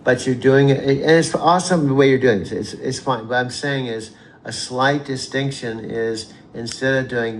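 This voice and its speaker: A man's voice: medium pitch, fairly even intonation, unhurried. A man patiently coaching, encouraging and repeating himself, laughing easily. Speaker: chanting practitioner coaching an AI. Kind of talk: casual instructional talk. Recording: echoey room with faint background noise.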